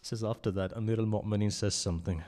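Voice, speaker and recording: Speaking fast, a man recites with fervour at a mourning gathering held in a religious centre hall. His tone stays steady even as he swells to loud cries and drops low, and he often asks the listeners pointed questions.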